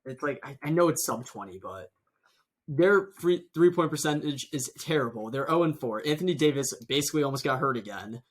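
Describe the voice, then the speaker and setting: A young man co-hosting a sports podcast, riffing on the news with wry, deadpan jokes. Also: mid-range voice, a little fast. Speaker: podcast co-host. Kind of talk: casual sports chat.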